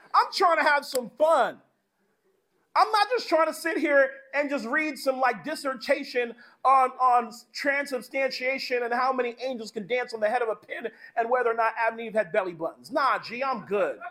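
High-voiced man preaching casually. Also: moderate pace. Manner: animated and conversational with slang. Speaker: pastor. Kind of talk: sermon.

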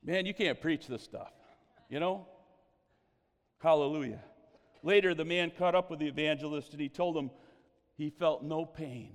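A man preaching a sermon, telling stories with animated exclamations of praise. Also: fairly high pitch, in a large hall.

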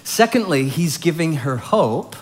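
A man delivers a sermon, reading scripture aloud and then unpacking it. His voice sits a little high for a man, and he plays the quoted lines with feeling, lifting his voice for emphasis. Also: measured pace. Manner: expressive, acts out quoted lines with rising emphasis. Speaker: pastor.

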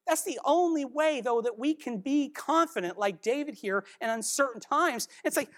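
A woman's voice: sits high, animated, moderate pace. A woman giving an earnest devotional Bible teaching, exhorting and questioning her listeners.

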